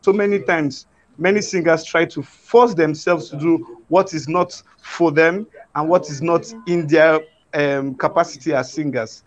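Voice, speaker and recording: Halting man, muffled lo-fi sound. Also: a little high. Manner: halting, many restarts and fillers. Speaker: guest opera singer. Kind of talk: conversational interview answers.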